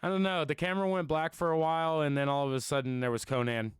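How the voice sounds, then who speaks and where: A man's voice: on the high side, steady tone, fast talker, clear, resonant tone, no room sound. Brief: man, comedy podcast host, rambling banter, clean tone on a dry close mic. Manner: teasing, laughs often, rambling. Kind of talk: casual comedic chat.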